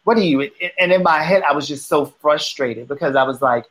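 A woman's voice: low-pitched, fairly quick, rough recording. A woman in casual conversation who speaks reflectively, often restarting her sentences.

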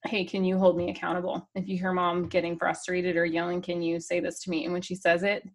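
A woman's voice: on the low side, completely flat delivery, fast talker. A woman coaching a mother on a call, upbeat and practical, often laughing and acting out little quoted exchanges.

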